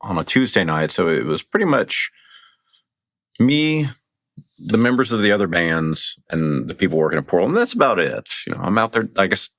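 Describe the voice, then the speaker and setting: A man's voice: low-pitched, sing-song, normal speed, a bit bright, dry recording, studio quality. A man guest on a podcast chatting casually. He rambles with enthusiasm and says "like" a lot. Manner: rambling, enthusiastic, heavy use of "like". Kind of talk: casual conversation.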